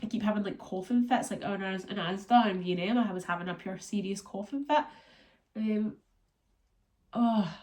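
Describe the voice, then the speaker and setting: A woman's voice: medium pitch, moderate pace, a little mellow. A Scottish woman chatting to her camera in a loose, rambling way, full of ums and likes. She sounds congested and worn down by a cold. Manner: chatty, rambling, lots of fillers. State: congested and run down from illness. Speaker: vlogger. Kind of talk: casual vlog chat.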